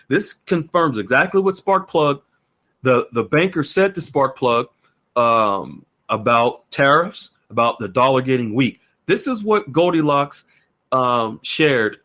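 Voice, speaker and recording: A man's voice: mid-range voice, fairly bright tone. A man hosting a podcast in an earnest, repetitive way, often restarting his sentences. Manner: earnest, repeats words and restarts. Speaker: podcast host. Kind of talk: casual podcast talk.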